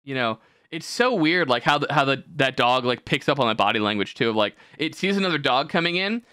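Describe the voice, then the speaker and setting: A man's voice: medium pitch, lively intonation, brisk, sharp tone, smooth, no room sound, clean studio sound. A young man hosting a podcast, talking in a rambling, profane way and slipping into mocking voices. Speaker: podcast host. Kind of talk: casual podcast chat.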